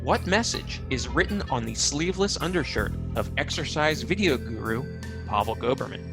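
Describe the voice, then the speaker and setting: A man hosting a quiz game, with a gravelly, creaky voice that rises and falls a lot as he reads each question out slowly and clearly. Soft music sits faintly behind him. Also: medium pitch, lively intonation. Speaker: game show host. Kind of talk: quiz questions on a live web show.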